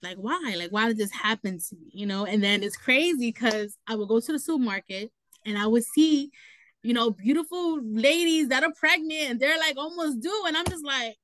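A young woman, a guest telling her own story in casual talk, animated and quick to laugh, leaning on "you know" between thoughts. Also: sits high, a little hiss or hum, rough recording. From New York City.

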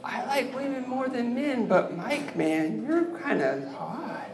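A man doing an awkward, self-deprecating open-mic stand-up set into a handheld mic on a club stage, leaving long pauses. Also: very high-pitched, lively intonation, gravelly, crowd noise. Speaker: stand-up comedian. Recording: roomy club sound.

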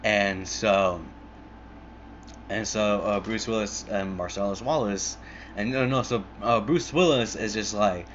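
A young man with a lowish voice retells a movie in a loose, rambling way. He swears freely and fills every gap with "like" and half-started words. The recording is muffled and lo-fi, with a faint hiss behind him. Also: measured pace, fairly bright tone. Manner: rambling, profane, full of "like" and restarts.

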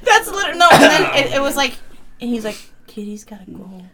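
A young woman co-hosting a casual podcast, telling stories in an animated way and swearing a lot. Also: high voice, fast talker, a loud crowd. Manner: animated storytelling, heavy swearing. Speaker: podcast co-host. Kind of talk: casual chat.

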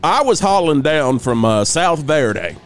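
A rambling, folksy trucker DJ, played by a man, talks high and swoops wildly up and down. He hosts a goofy radio show as improvised comedy, with faint music under him. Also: big pitch swings, measured pace. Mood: jovial. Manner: folksy, rambling, says ain't and y'all. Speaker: fill-in radio host.

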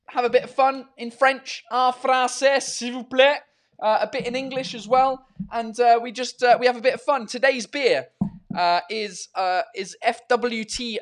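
A man's voice: sits high, a bit bright. A man hosting a casual live-stream chat show from home, talking in a rambling, loose way and swearing freely. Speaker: host of a live beer-drinking chat show.

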